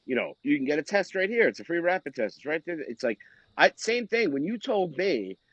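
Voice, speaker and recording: Male co-host, crude jokes, halting delivery, dull lo-fi remote sound. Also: a little high, sing-song, fairly bright tone, dry recording. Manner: crude joking, halting with many fillers. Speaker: podcast co-host. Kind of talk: casual chat. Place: home studio.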